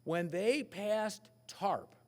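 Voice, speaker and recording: High-voiced, animated male economist. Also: very slow, long reverb tail. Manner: animated, asks the crowd questions, self-mocking. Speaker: economist giving a keynote. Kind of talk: lively forecast speech to an audience.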